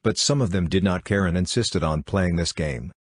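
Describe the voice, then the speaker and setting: A male audiobook narrator with a low, husky voice reads scripted narration at a moderate pace. The recording is dry and of studio quality.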